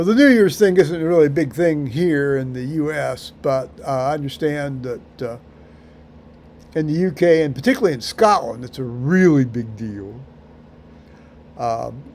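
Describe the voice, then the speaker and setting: A man rambling through a solo vlog monologue, halting with many fillers and restarts, with dry dark humor. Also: a little high, a little hiss or hum. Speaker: vlogger.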